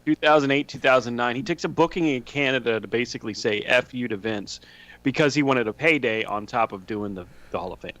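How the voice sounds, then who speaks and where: A male radio co-host, matter-of-fact with a wisecracking streak. His voice has a bright, forceful edge at a middling pitch. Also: a little fast, rough recording. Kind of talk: casual sports talk radio chat.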